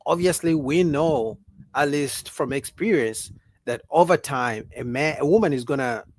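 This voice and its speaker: A man's voice: on the high side, normal speed, creaky. A man hosting a casual livestream talk, arguing with rhetorical questions and reading out viewer comments. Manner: animated, argumentative, rhetorical questions; reads out viewer chat comments. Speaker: livestream host.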